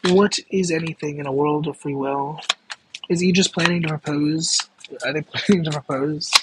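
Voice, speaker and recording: Here the tarot reader's voice is a little high, steady in tone and at normal speed, set against a noisy background. He chats casually with viewers on his livestream, rambling, cutting himself off, and giggling between many fillers.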